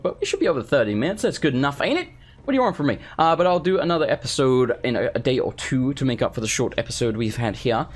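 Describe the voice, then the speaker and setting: A man with an English accent giving joking, rambling let's play commentary as a gaming video host. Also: high voice. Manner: rambling, joking, self-deprecating.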